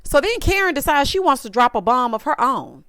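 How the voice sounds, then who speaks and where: A woman's voice: high-pitched, big pitch swings, fairly quick, fairly bright tone, no echo, studio quality. A woman giving a sassy, dramatic casual recap of a reality show, often mimicking the people she talks about.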